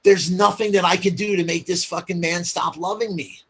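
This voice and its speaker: Husky man telling a blunt recovery story. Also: sits high, steady tone, moderate pace, a bit bright. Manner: blunt, profane, heavy filler use. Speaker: podcast guest. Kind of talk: candid storytelling chat.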